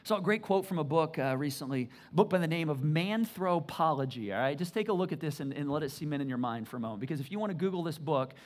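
Energetic, stammering male preacher. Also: a little high, fast, hardly any pauses. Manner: energetic, stammering repeats, emphatic. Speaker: pastor. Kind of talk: sermon. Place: church.

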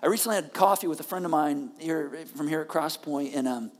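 A woman's voice: low-pitched, a little fast, in a large hall. Conversational woman pastor preaching a sermon. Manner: conversational, with frequent "all right?" check-ins and asides.

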